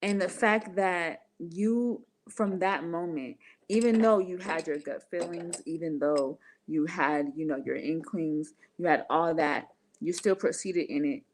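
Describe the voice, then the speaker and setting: Low-voiced woman talk show host. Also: unhurried, few pauses, slight background noise. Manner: affirming, reflective follow-up comments.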